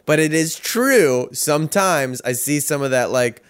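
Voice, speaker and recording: A man's voice: on the high side, expressive, a little slow, a little hiss or hum. A man co-hosting a podcast, chatting casually and earnestly, swearing freely as he explains his views.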